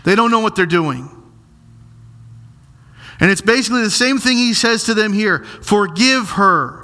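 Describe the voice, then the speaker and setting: An earnest male pastor delivers a sermon in a high voice. His tone is bright and ringing. He presses his points home by repeating phrases slowly and deliberately. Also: animated. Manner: earnest, emphatic preaching with slow, stressed repetitions.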